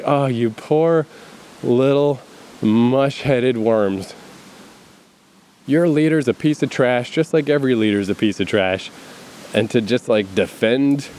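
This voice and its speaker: A man's voice: mid-range voice, darkish tone. A man talking in a casual, rambling monologue, swearing freely and often laughing between his points. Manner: profane, laughs often, many fillers and asides.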